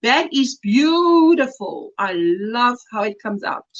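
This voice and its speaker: A South African woman hosting a casual crochet livestream, chatting warmly and reading viewer comments aloud with delight. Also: fairly high pitch, very animated, takes it slowly, dull audio.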